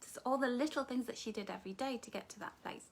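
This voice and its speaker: A middle-aged woman talks on a live stream, reading out comments and answering them with terms of endearment. Her voice sits a little high for a woman. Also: fast talker, creaky, a little hiss or hum. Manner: warm, affectionate, calls viewers darling and my love. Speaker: author hosting a live book launch.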